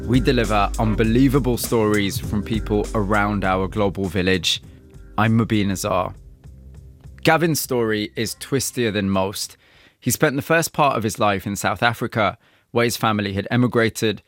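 A man hosting a radio interview program, narrating with a measured storytelling delivery and questioning a guest. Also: on the low side, soft background music. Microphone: studio microphone.

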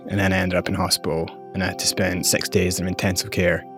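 A man's voice: low voice, flat delivery, quick pace, music in the background. A man from Scotland who grew up partly in South Africa, telling his life story candidly and vividly as an interview guest. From Scotland, raised partly in South Africa.

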